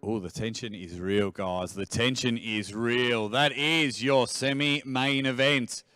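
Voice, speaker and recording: A man with a medium-pitched, sharp, clean voice and fairly even intonation hosts a press conference. Speaking slowly, he announces the fighters and hypes the matchups in typical emcee patter.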